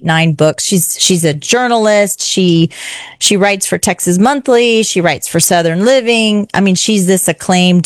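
A woman who hosts a podcast, telling a story on a radio chat show in a fast, excitable way. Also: fairly low pitch, dry recording, clean studio sound. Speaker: podcast host and radio regular. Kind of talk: animated storytelling in casual chat.

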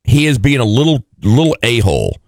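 Animated man ranting about a TV show. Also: a little fast, no echo. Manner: animated, exasperated, mocks characters in high put-on voices. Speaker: podcast co-host. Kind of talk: casual TV recap chat.

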